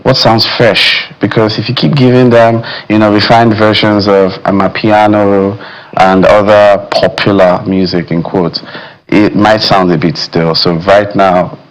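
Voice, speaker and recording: A man speaking as a music critic in a studio discussion, measured and thoughtful, often saying "you know". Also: on the low side, little pitch movement, rough recording. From Nigeria.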